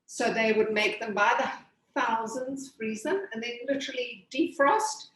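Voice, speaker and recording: A woman pastry chef explains her dish step by step, chatty and full of little fillers. Her voice sits a bit high. The room around her is echoey. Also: a little slow, fairly bright tone. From Zimbabwe. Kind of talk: cooking demonstration with chat.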